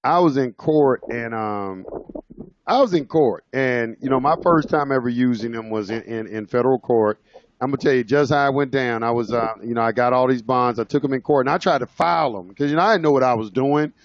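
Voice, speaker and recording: A man's voice: medium pitch, a little fast, muffled recording. A man casually telling his own courtroom story, rambling with many fillers and restarts. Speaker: speaker sharing his own experience.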